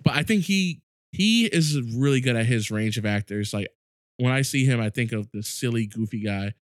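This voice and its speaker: A man co-hosting a podcast in casual chat, telling stories in animated, excited bursts. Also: medium pitch, normal speed, no room sound, studio quality. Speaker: podcast co-host.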